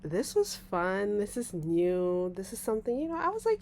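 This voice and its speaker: A woman's voice: moderate pace, hardly any pauses, a little hiss or hum. A young woman chats through a storytime for her channel, laughing often and acting out the people in it. Her voice sits in a middling range but swings widely and expressively. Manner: animated, laughing, acts out voices with big pitch jumps. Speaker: vlogger. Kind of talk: casual storytime.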